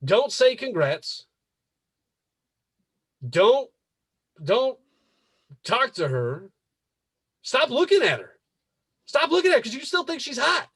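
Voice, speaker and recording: A man's voice: very high voice, sing-song, takes it slowly, long pauses, a bit bright, slightly rough, dry recording. A man hosting a podcast, ranting casually with emphatic, repetitive and profane advice. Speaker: podcast host.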